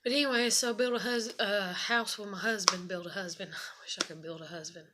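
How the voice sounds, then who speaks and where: A woman's voice: mid-range voice, fairly even intonation, a little fast, background noise. A young woman venting about her marriage and struggles in an emotional personal rant, swearing and close to tears. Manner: venting, swearing, shaky and tearful at times. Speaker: vlogger.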